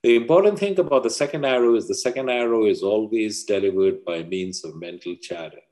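A man, a personal mastery coach, explaining ideas through parables as an interview guest, measured and deliberate. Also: fairly low pitch, a little mellow. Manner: measured storyteller.

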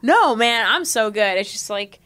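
A woman's voice: on the high side, animated, measured pace, sharp tone. A woman playing a chipper middle-aged man in denial about his separation, talking in a forced sing-songy cheer in an improvised comedy sketch.

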